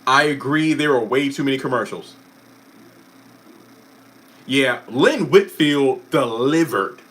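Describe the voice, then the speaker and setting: A young man hosting a relaxed live stream. He talks in a chatty, rambling way, cuts himself off mid-sentence, and drops in quick apologetic asides. His voice sits at a medium pitch. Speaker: YouTube live stream host. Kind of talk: casual live stream chat reacting to viewer comments.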